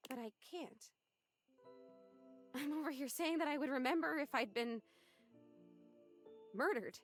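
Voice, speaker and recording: A woman's voice: sits high, unhurried, soft background music. A woman voicing a bubbly, trusting young woman ghost in a video game, gushing and full of wonder. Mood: anxious, uneasy. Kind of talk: voiced video game dialogue.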